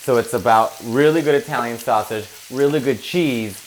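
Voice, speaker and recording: A man's voice: mid-range voice, normal speed, slight background noise. A young man, a guest on a cooking show, chatting in a kitchen in a playful, joking way. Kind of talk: casual cooking chat.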